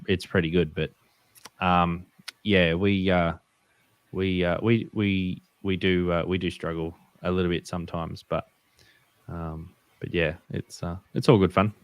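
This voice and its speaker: An Australian man with a very low voice talks in a relaxed, halting way, full of fillers and restarts. The sound is dry and close, with no room around it. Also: smooth, no echo, muffled recording. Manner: hesitant, many fillers and restarts. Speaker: guest ham radio operator. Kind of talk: casual podcast chat.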